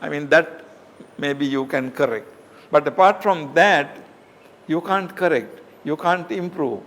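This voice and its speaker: A man's voice: fairly high pitch, measured pace, a bit bright. A male professor giving a patient lecture, explaining points with asides and checking that students follow. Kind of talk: lecture on research writing. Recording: long hall reverb.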